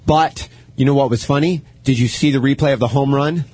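A man's voice: medium pitch, fairly even intonation, a little fast, a little mellow, breathy edge, no room sound. A man hosting a casual radio chat, telling loose, profane stories. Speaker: podcast host.

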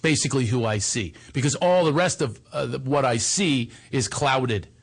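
Speaking at normal speed in a medium-pitched voice with a breathy edge, a male comedian guest recounts a personal story in conversation. He laughs often and performs other people's lines.

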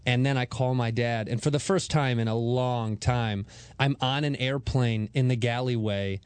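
A man in his thirties from Chicago, a comedian guest on a talk show, telling a story fast and excitably and acting out the quotes. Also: medium pitch, smooth, no room sound.

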